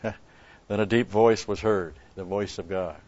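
A man's voice: on the low side, fairly even intonation, measured pace, darkish tone, muffled recording. A man preaching a sermon, telling a story and asking rhetorical questions with an occasional chuckle.

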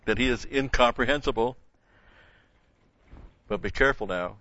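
A man's voice: medium pitch, normal speed, long pauses, fairly bright tone, no echo. A man teaches a sermon verse by verse, his voice lifting to stress the key words. The sound is dry and close, with a slightly dull, muffled top end. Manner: explains verses step by step, rising in emphasis on key words. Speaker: Bible teacher. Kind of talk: expository sermon.

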